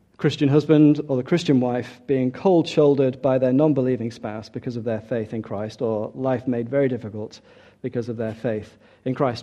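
A man preaching a sermon, emphatic, dropping soft and then rising loud for key points. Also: medium pitch, highs cut off.

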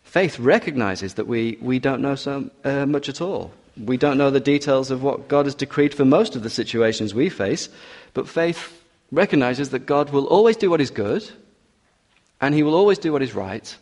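A man's voice: medium pitch, lively intonation, moderate pace, darkish tone, big-room sound. A man preaching an expository sermon, walking through a passage verse by verse with teasing asides and emphatic urging.

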